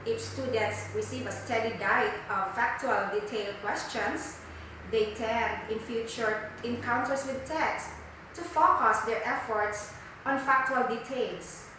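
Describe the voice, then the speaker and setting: A woman's voice: a little high, measured pace, noisy background. Echoey woman reading a formal recap. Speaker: webinar presenter. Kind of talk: reading a session summary. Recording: very echoey room, distant mic.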